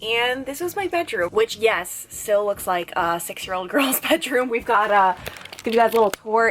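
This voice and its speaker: A woman's voice: medium pitch, a bit bright. A young woman in her twenties from Long Island, talking to a handheld camera in a chatty, bubbly vlog style from her childhood bedroom, often laughing at herself. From Long Island, New York. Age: 20s. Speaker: vlogger and TV news reporter. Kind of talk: casual vlog talk to camera.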